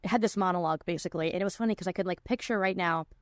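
A young woman hosting a relaxed podcast conversation, her speech full of likes, restarts and quick laughs. The sound is close and dry with no room at all. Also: lowish voice, no echo. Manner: chatty, many likes and restarts, laughs often. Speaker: podcast host. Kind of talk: casual chat.

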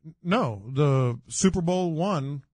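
Older man, sports radio co-host, confident, halting fillers, dry close mic. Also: on the high side, darkish tone, no room sound. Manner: confident, hesitant fillers, storytelling. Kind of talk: casual sports radio chat.

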